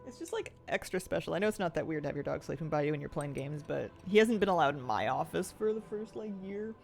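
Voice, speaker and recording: Faint music plays behind a woman gamer on stream whose deep, creaky voice is animated, quick and a little mellow. She chats loosely while gaming, thinking aloud, rambling and laughing easily.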